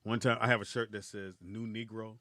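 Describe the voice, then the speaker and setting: A man's voice: lowish voice, level tone, fairly quick, pushed and bright, no echo, studio quality. A man hosting a comedy talk show, joking and telling stories with playful voices. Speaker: host. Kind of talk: casual comedy podcast chat.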